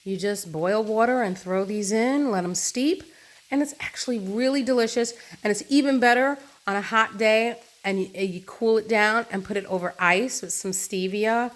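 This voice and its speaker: A chatty woman vlogs her farm share produce haul on a phone camera, speaking at a normal pace in a medium-pitched voice. She's enthusiastic and casual, eating while she talks.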